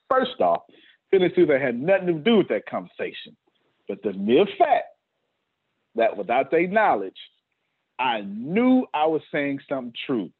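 A man's voice: medium pitch, slightly rough. A man leading a team meeting on a video call, talking emphatically in casual slang and repeating his points. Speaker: business leader hosting a team meeting. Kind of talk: motivational talk on a video call. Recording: tinny phone-like call audio.

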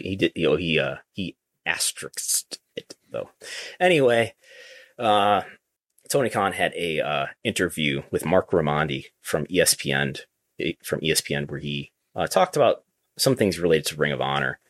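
A man's voice: a bass voice, lively intonation, moderate pace, a bit bright, no room sound. A man hosting a business podcast, talking casually and thinking aloud, often restarting his sentences. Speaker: podcast host.

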